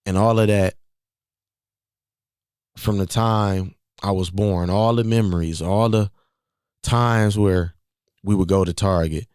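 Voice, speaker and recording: A young man with a fairly low voice recounts a personal story on his podcast. He speaks casually and conversationally, circling back to repeat key phrases. The sound is dry and close, with very little room. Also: fairly even intonation, takes it slowly, pauses often, darkish tone, clear, resonant tone, no room sound. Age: 20s. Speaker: podcast host.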